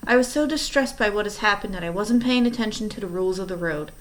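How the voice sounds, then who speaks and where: A woman reading aloud, voicing a scheming man in disguise who speaks in a smooth, falsely polite way. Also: mid-range voice, expressive, fast, natural voice, low-quality recording. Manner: smooth and oily, then menacing.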